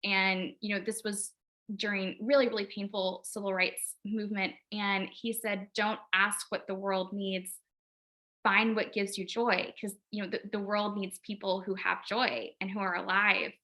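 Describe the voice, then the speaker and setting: A woman guest speaking earnestly about her experience, halting with many restarts, and close to tears. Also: medium pitch, little pitch movement, pushed and bright. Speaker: guest, LSAT tutor. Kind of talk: emotional personal interview talk.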